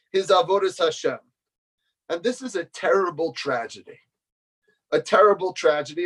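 Animated man giving a Torah talk. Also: high-pitched. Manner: animated storyteller, voice leaping up when acting out questions. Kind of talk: Torah lecture with stories.

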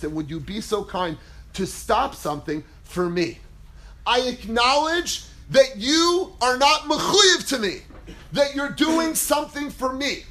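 A man teaching a Torah class as a rabbi, acting out quotes dramatically with big swings in pitch and volume. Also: fairly bright tone. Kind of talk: animated Torah lecture.

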